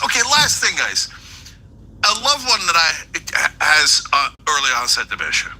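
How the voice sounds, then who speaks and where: A man's voice: fairly high pitch, huge pitch swings, moderate pace, sharp tone, a little hiss or hum, low-quality recording. A man hosting a show with heated, ranting political commentary. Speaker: host.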